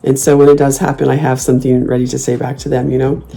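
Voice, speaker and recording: A woman hosts a casual chat, telling stories in a sassy, animated way, laughing often and breaking into loud, high mock comebacks. She talks fast, with a creaky voice and a breathy edge.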